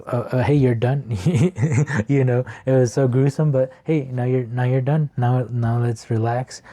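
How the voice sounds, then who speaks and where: A man's voice: mid-range voice, dark tone. A man giving a casual, encouraging tarot reading to the viewer, often chuckling as he talks. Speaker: tarot reader.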